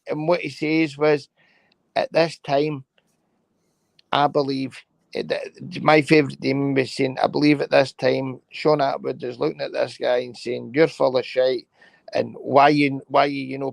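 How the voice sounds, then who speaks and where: Gravelly man, halting speech. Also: mid-range voice, flat delivery, dry recording. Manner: halting, with many restarts. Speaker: guest. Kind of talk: casual livestream chat.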